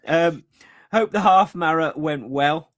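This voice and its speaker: Casting note: higher-voiced male podcast co-host, relaxed, chatty, quick to laugh. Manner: chatty, laughs easily, many fillers. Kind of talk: casual chat, reading listener comments.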